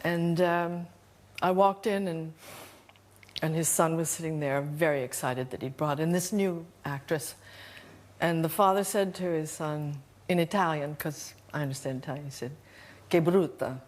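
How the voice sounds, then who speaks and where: An older woman chatting as a guest on a television talk show, soft-spoken and self-deprecating. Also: low-pitched, normal speed. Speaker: guest actress. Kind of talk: casual chat show anecdote. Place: television studio.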